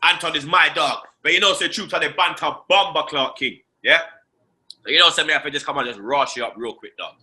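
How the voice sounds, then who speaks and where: A man hosts a casual football fan show, ranting briskly in a slightly high voice. Animated and slangy, he swears and keeps firing off "you understand" and "blood."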